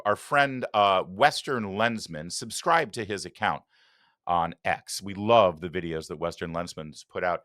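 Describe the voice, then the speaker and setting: A man's voice: deep voice, a little slow, fairly bright tone, no echo, clean studio sound. A man hosting a political commentary show, talking with sarcastic, mocking asides. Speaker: talk show host.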